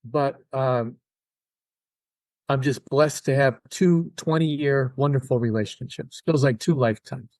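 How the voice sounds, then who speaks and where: An older man talking as a guest in an interview, telling personal stories with an animated delivery and acting out other people's words. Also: mid-range voice, unhurried, no room sound. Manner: animated, acts out quoted voices. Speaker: guest musician. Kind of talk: casual interview storytelling.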